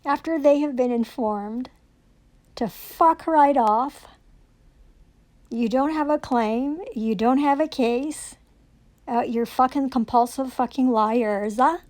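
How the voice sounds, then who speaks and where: A woman's voice: sits high, measured pace, darkish tone. Furious profane woman ranting. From Canada. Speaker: self-recording vlogger. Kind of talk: angry rant to camera.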